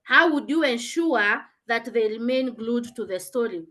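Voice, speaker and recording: Woman teacher on a video call, explains and questions students, slightly high pitch. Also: expressive, unhurried, bright, forceful tone. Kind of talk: online revision class.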